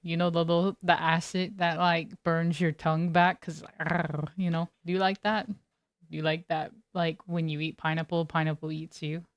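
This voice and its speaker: A woman's voice: on the low side, a bit bright, no room sound. Woman streamer, laid-back casual chat, giggly, dry close sound. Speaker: game streamer. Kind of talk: casual chat with live viewers.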